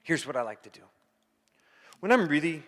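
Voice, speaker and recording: A man preaching a sermon as pastor, emphatic, repeating key phrases and dropping from loud to hushed. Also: on the high side, sing-song, moderate pace, big-room sound.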